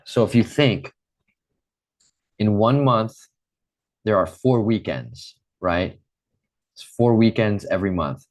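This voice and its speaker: Deep-voiced man teaching English slowly. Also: lively intonation. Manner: slow, patient, repeats drills for students. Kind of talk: online English lesson.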